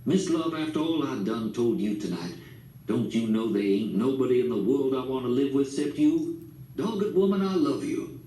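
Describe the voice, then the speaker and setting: A man's voice: mid-range voice, animated, moderate pace, warm tone, close to an everyday voice. A man voicing a stubborn old storekeeper who talks bluntly in folksy dialect. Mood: exasperated. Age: older. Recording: echoey room, distant mic, faint hiss.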